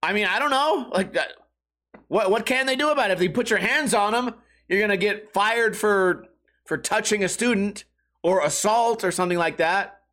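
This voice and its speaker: High-voiced man in a profane rant. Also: moderate pace. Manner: profane, animated, acts out yelling voices. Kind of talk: casual ranting monologue.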